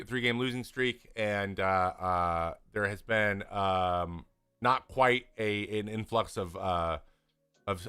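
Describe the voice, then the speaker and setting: A man, hosting a casual live chat and answering viewer questions in a rambling way with many restarts. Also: fairly low pitch. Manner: rambling, restarts often, animated when venting.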